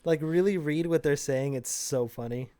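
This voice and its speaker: A man's voice: a little high, moderate pace, crowd noise. A man co-hosting a podcast, chatting casually and explaining game mechanics. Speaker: podcast co-host. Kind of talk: casual gaming chat.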